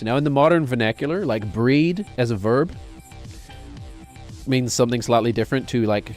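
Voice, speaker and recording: A man's voice: medium pitch, moderate pace, long pauses, soft background music. A man streaming a game, rambling and joking to himself as he plays. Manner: rambling, jokey, talks to himself while playing. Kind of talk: casual gameplay commentary.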